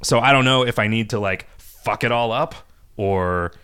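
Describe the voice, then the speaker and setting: A man's voice: medium pitch, normal speed, bright, forceful tone, smooth. A man hosting a casual podcast, reading listener questions aloud and rambling about design in a loose, profane way. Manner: loose, profane, rambling with fillers and mocking voices. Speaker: podcast host and game designer.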